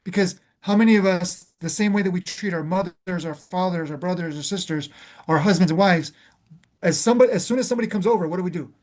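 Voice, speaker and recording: A man's voice: high-pitched, fast, a little mellow. Earnest man in reflective spiritual talk. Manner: earnest, calls listener "beloved"; searching, restarts phrases often. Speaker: spiritual conversation host.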